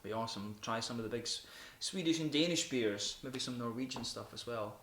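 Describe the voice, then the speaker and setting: A man's voice: mid-range voice, brisk, a bit bright. A man hosting a casual beer review, joking and rambling with a friend. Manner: joking, rambling, with frequent laughter. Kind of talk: casual chat. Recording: roomy echo with faint hiss.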